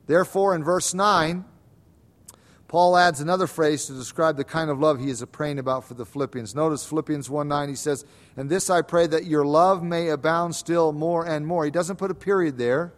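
A pastor preaching a sermon, swinging between soft lines and emphatic, repeated calls. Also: male voice, fairly high pitch, fairly even intonation, normal speed. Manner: repeats words for stress.

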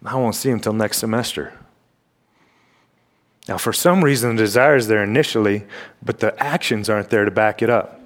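A young man preaching a sermon in a church, emphatic and full of rhetorical questions, clearing his throat now and then. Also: fairly low pitch, moderate pace, long pauses. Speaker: campus ministry preacher. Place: church sanctuary.

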